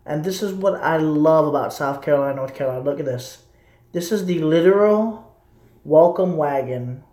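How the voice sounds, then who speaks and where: A man's voice: on the high side, darkish tone, echoey room. A man from Texas rambling to his viewers in a blunt, opinionated live-stream chat, swearing casually as he goes.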